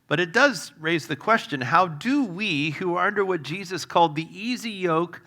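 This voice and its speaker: A man's voice: high-pitched, animated, moderate pace. A man preaching a sermon as a guest speaker, conversational and humorous, with fillers and wry asides. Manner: humorous storytelling, self-deprecating asides; conversational with fillers, varied loudness.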